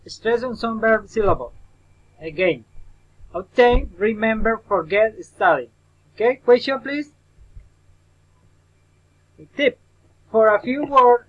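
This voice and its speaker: Guy teaching an english lesson, high voice, talks super slow, repeats words for his student. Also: lo-fi sound. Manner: slow, repetitive drilling of example words; addresses the listener as his student. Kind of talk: recorded pronunciation lesson.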